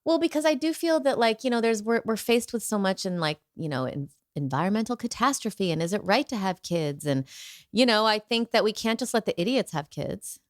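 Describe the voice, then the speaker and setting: A woman's voice: medium pitch, lively intonation, fairly quick, no room sound. A woman in her forties, a guest comedian chatting casually with a dry, wry delivery. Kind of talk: casual chat.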